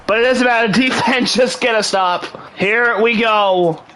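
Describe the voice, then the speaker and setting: A young man giving excited play-by-play commentary over a video game in a hyped, mock sports-announcer manner. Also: very high voice, measured pace, slight background noise, low-quality recording. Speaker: gaming channel host.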